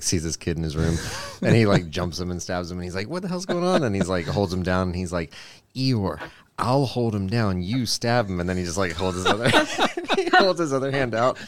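A man's voice: sits low, dry recording. A man co-hosting a casual podcast chat, riffing jokes in a laid-back way. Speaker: podcast co-host.

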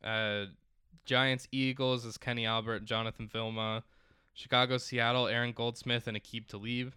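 Bright, crisp-voiced sports podcast guy. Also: mid-range voice, flat delivery, moderate pace, no echo, studio quality. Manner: chatty, reads out lists, laughs often. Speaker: podcast co-host. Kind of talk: casual sports chat.

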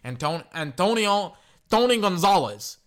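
A young man ranting through his weekend football picks in casual solo commentary, exasperated and jumping up and down in pitch. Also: big pitch swings, measured pace, background noise. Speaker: sports podcaster giving picks. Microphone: echoey metal can around the mic.

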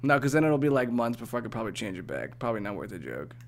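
Young guy cohost, relaxed chatty talk, keeps the show moving. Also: medium pitch, rapid-fire, vocal fry, a little hiss or hum. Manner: easygoing, chatty, runs the segments. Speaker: podcast co-host. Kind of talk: casual chat.

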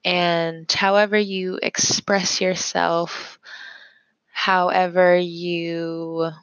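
Slow, calm woman reading tarot. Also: lowish voice, clean tone, no room sound, muffled recording. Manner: reflective, unhurried, with pauses and fillers. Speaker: tarot reader and podcast host. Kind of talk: casual tarot reading podcast.

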